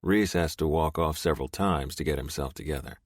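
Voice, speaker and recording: A man narrating a romance audiobook in first person, gruff, profane and intense. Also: a bass voice, a little fast, no echo, studio quality.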